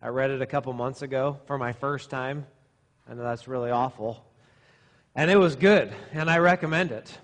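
A man's voice: medium pitch, normal speed. A middle-aged male pastor preaching to young men, using sarcasm and exaggeration to make his point. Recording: long reverb in a hall.

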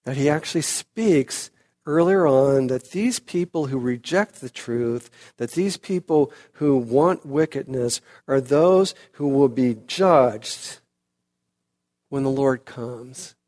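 A man preaching an expository sermon, slow and emphatic, building to loud, high peaks and then dropping back quiet. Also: lively intonation.

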